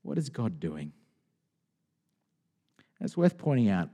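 A man preaching a sermon as a pastor, talking in a conversational, expressive way with frequent restarts. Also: fairly low pitch, slow, pauses often, slightly rough, in a large hall. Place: church hall.

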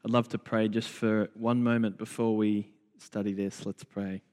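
A man, preaching a sermon in slow, deliberate phrases with repetition. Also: lowish voice, flat delivery, darkish tone. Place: church. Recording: long church reverb.

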